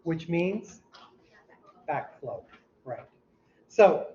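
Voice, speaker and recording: A man teaching a class, quizzing students and mimicking heart sounds out loud, heard in a dull, lo-fi classroom recording. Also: fairly high pitch, animated, measured pace. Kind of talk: classroom lecture. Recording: dull lo-fi recording with faint hum.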